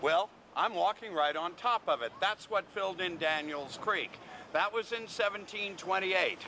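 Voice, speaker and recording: A man's voice: high voice, moderate pace. A man from the American South giving a walking tour outdoors at a city market, wry and joking as he tells stories. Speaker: tour guide. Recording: loud outdoor street noise.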